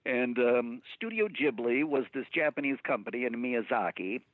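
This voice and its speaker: Brief: male voice-actor guest, lively up-and-down delivery, dry tinny phone sound. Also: medium pitch, normal speed, dry recording. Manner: animated storyteller, slips into impressions. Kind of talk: casual interview chat. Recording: thin phone-line sound.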